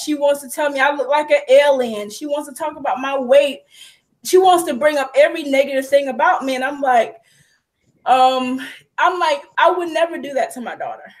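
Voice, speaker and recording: A woman's voice: sits high, rough recording. A young adult woman hosting a personal conversation, tearful, her voice breaking as she talks. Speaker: host.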